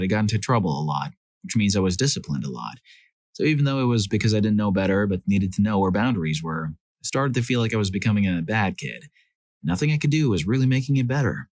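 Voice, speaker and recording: A man narrating a series of reader-submitted stories as a scripted storyteller, lively when he voices the quoted lines. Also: on the low side, no room sound.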